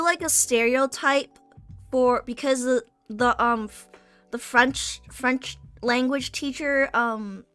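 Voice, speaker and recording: A young woman streamer, just getting over being sick, chats casually while she draws. Her voice is on the high side and a bit bright, recorded with no echo, and she rambles, restarts sentences and swears casually.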